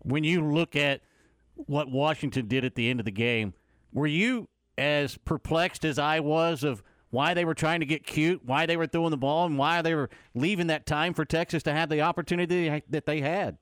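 A man hosting sports talk, his voice resonant and a bit high for a man. He asks questions in a measured, steady way. The sound is close and dry, with no room echo. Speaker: sports radio host. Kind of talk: interview questions.

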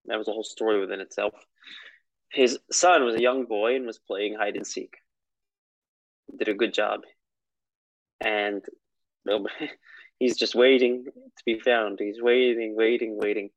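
A man's voice: on the low side, no room sound, dull audio. A man teaching a lesson on prayer in a conversational, storytelling way, with asides.

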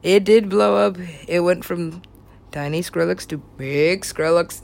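A woman's voice: medium pitch, normal speed, gravelly. A young woman rambling through a wild story, giggling often, swearing freely and trailing off mid-thought. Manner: giggly, excitable, profane, trails off.

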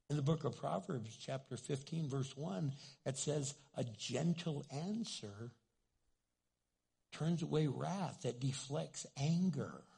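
An older man, a pastor preaching a sermon, who talks loud and animated and acts out little quotes. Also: mid-range voice, creaky, breathy edge.

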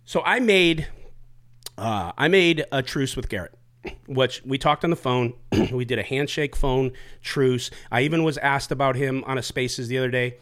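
A man's voice: mid-range voice, normal speed, fairly bright tone. A middle-aged man hosting a podcast, joking and swearing, with long rambling lead-ins to his questions. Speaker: podcast host. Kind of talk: casual podcast chat.

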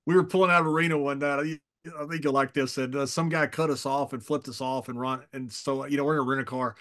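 A man's voice: medium pitch, steady tone, fast, a bit bright. A man in his fifties, a podcast guest, telling stories casually, chuckling often and repeating words as he goes. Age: 50s. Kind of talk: casual storytelling.

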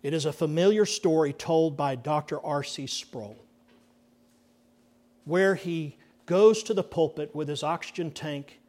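In a fairly high voice, a middle-aged pastor preaches a sermon, taking his time with each phrase. His delivery is earnest, deliberate and dramatic, and he sinks into hushed near-whispers to drive points home.

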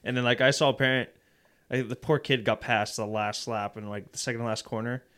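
A man on a podcast who shoots videos, telling stories in a lively, casual way. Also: mid-range voice, brisk.

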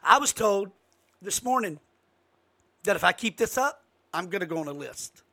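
High, bright-voiced man ranting. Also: animated, normal speed, creaky. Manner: emphatic, rising to sudden loud outbursts. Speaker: political commentary host. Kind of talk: impassioned political monologue.

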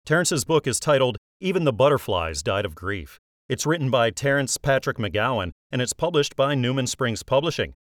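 A man hosting an interview show who asks calm questions and prompts his guests with soft hums. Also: mid-range voice, moderate pace, dry recording, clean studio sound. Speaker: radio show host.

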